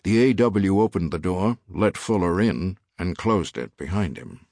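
A man narrating an audiobook in a measured, expressive reading style. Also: low voice, dry recording, studio quality. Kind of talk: scripted narration.

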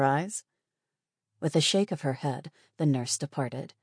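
Low husky woman reading a story. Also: unhurried, a little mellow, dry recording, studio quality. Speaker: audiobook narrator. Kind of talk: scripted narration.

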